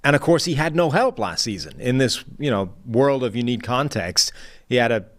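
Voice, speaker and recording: A man hosting a casual sports discussion as a football analyst, measured and analytical as he lays out his points one by one. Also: mid-range voice, lively intonation. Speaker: show host and football analyst.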